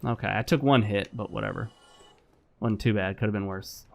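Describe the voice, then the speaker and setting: A man's voice: fairly low pitch, normal speed, creaky. A man giving casual gameplay commentary as a gaming channel host, lecturing and repeating himself while he plays. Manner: lecturing, repetitive, talks while playing.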